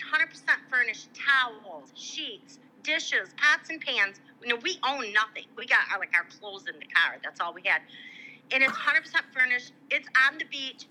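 In a low-quality recording, a guest with a high-sitting voice, a middle-aged woman from Michigan, shares a long personal story during casual chat. She tells it in an animated way, performing the voices of the people she quotes.

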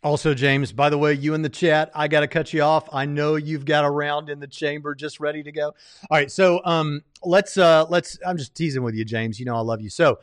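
Guy doing casual livestream commentary, kinda high voice, lots of ums and restarts, dry close sound. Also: fairly even intonation, a little fast, dry recording. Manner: rambling, frequent fillers and restarts. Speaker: livestream host reviewing a debate.

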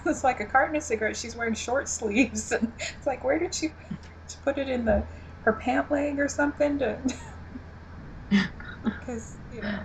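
Woman co-host, giggly and halting, ordinary pitch, light background noise. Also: low-quality recording. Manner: giggly, halting, many ums and restarts. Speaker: podcast co-host. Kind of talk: casual TV recap chat.

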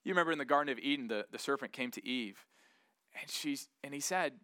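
Earnest, bright-voiced male preacher. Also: medium pitch, fast, dry recording, clean studio sound. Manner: earnest, animated, acts out doubting voices. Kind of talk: sermon.

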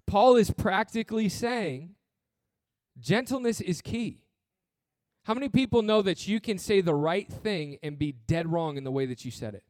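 A man's voice: high voice, animated, moderate pace, a little mellow, no room sound, studio quality. A man preaching a sermon as pastor, earnest and blunt, with touches of humor and repeated phrases.

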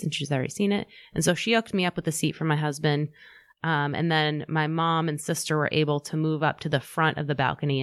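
Woman, 30s-40s, organizer-vlogger; low, rambling, casual chat. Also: dry recording. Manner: chatty, rambling, frequent "like" and "um". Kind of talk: casual personal storytelling.

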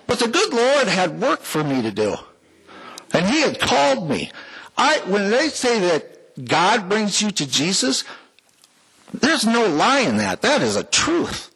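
A man's voice: sits high, huge pitch swings, a little slow, gravelly, fairly bright tone, husky, rough recording. A man giving a folksy, heartfelt personal testimony to a church congregation, with small jokes along the way. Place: church sanctuary, before the congregation.

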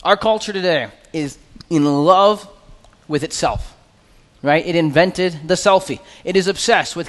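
A man preaching an expository sermon as pastor, earnest and conversational, with quick asides. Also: fairly high pitch, long reverb tail.

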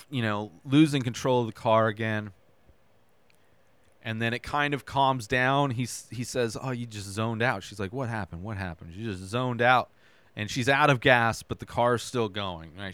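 A man's voice: medium pitch, a little slow, pauses often, fairly bright tone, smooth, dry recording. A man hosting a podcast, casually retelling a TV episode scene by scene, tossing in "right?" and loose quoted dialogue. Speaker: podcast host recapping a TV episode. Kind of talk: casual recap.

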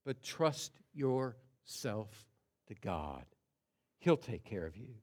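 Slow, emphatic preaching man. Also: fairly low pitch, big pitch swings. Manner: emphatic, swinging from hushed to loud; deliberate, stresses single words. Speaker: pastor. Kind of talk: sermon.

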